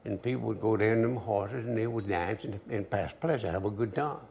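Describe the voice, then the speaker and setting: Older man, a cooking host, low gravelly voice, joking and easygoing. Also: a little fast, a little mellow, a little hiss or hum. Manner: easygoing, joking, dialect grammar. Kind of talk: folksy cooking demonstration with storytelling.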